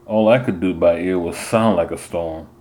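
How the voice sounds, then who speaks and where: Deep-voiced male audiobook narrator. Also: normal speed, dark tone. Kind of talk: scripted first-person narration.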